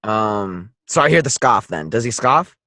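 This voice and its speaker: A man's voice: lowish voice, lively intonation, measured pace, sharp tone, no room sound, studio quality. A man playing a tabletop game, drawling in character and calling others baby, with lots of ums. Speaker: player. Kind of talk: casual tabletop role-play.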